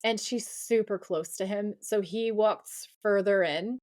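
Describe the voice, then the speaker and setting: A woman's voice: mid-range voice, unhurried. Woman co-host, mid-range voice, chatty retelling that slips into the characters' lines, casual swearing. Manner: animated, acts out quoted dialogue, swears casually. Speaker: podcast co-host. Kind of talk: casual episode recap.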